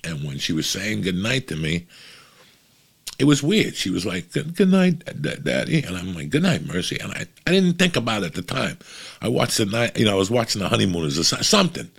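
Comedian type, man: deep husky voice, casual and profane, rambles through a story. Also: very animated, fairly quick, fairly bright tone.

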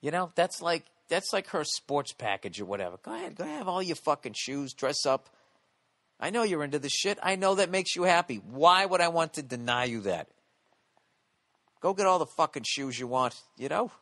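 A man's voice: a little high, expressive, normal speed, a bit bright, no echo. Blunt foul-mouthed podcast host, a man. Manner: swears constantly, blunt. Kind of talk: profane casual podcast rant.

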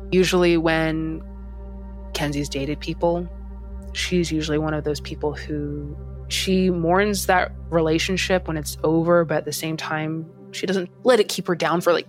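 Frank, reflective woman. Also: deep voice. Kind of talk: reflective testimony.

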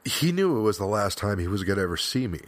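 A man with a very low voice talks through a personal podcast monologue. He speaks earnestly and with plain emotion, often stopping and starting again mid-thought. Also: very animated, fast. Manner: frequent restarts and fillers, swears at times. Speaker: podcast host.

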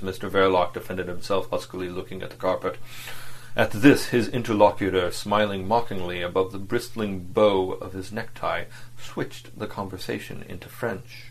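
A man reads a classic novel aloud in a measured, steady storytelling voice. His voice sits fairly low. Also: rough recording. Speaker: audiobook narrator. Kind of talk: scripted narration of a novel.

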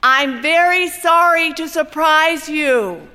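A woman's voice: medium pitch, animated, moderate pace, a bit bright, voice pushed down, lightly acted. A woman voicing a friendly, apologetic middle-aged male building foreman in a story read aloud. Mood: polite. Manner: polite and apologetic. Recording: long hall reverb.

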